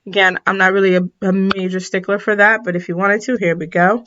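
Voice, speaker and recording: A woman teacher walks through a math problem in a relaxed, casual way, tired and stifling yawns as she goes. She corrects herself often and apologizes along the way. Her voice sits at a middle pitch, and the recording sounds dull and lo-fi. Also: brisk, a little hiss or hum. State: yawning, tired. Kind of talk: recorded lesson at a whiteboard.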